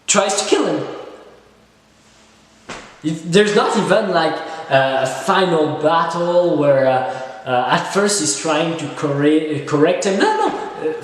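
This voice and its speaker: A man giving a casual, rambling, sarcastic film review with many fillers and hesitations. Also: fairly high pitch. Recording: echoey room with long reverb.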